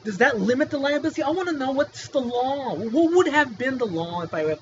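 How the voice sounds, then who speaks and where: A man's voice: very high voice, lively intonation, fairly quick. A man talking in a casual vlog monologue, agitated and firing off pointed questions. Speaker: whistleblower telling his story. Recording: muffled lo-fi with faint hiss.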